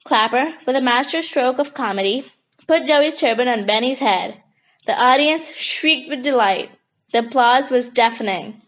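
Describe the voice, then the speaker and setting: Steady children's audiobook narrator, woman, bright high register. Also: normal speed, poor audio. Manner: steady storytelling. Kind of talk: scripted children's book narration.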